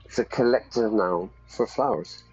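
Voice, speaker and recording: A man's voice: lowish voice, moderate pace, gravelly, darkish tone, slightly rough, highs cut off. A man teaching English while streaming a game, chatty, explaining with examples and checking in with "yeah?".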